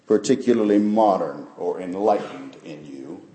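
A man's voice: sits low, normal speed, warm tone. A man preaching a sermon as pastor, talking earnestly and building up to emphatic peaks. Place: church sanctuary. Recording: echoey church sanctuary.

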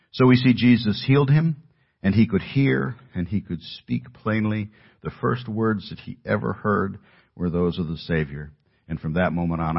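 A man's voice: on the low side, slightly rough. A man preaching an expository sermon as pastor, earnest and rising with emphasis when he asks questions. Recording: dull, lo-fi sermon audio.

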